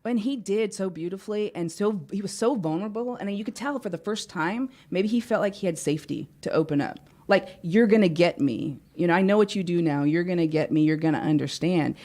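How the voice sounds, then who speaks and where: A woman's voice: fairly low pitch, a little fast, hardly any pauses. A woman guest, a life coach, telling a personal story in a studio interview and acting out the dialogue. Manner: animated storyteller, acts out dialogue. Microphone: studio microphone.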